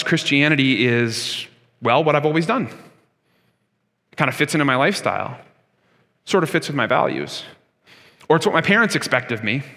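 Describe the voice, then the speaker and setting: Male pastor, sermon delivery, earnest and conversational, slightly high voice, reverberant sanctuary. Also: bright, forceful tone. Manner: earnest, conversational preaching with rhetorical questions. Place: church sanctuary. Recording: long hall reverb.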